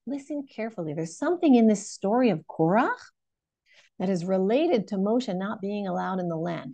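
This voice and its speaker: A woman's voice: mid-range voice, creaky, no room sound. A woman in her thirties giving an online Torah lesson, asking questions and restarting her sentences as she thinks aloud. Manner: animated, questioning, many fillers and restarts. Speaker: Torah teacher.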